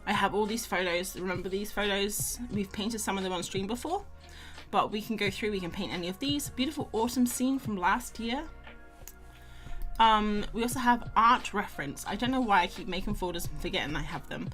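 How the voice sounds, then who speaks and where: A woman's voice: medium pitch, fairly quick, a bit bright, soft background music. A young woman hosting a casual drawing livestream, chatting and rambling to viewers and greeting them by name. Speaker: livestream host. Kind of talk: casual chat while drawing.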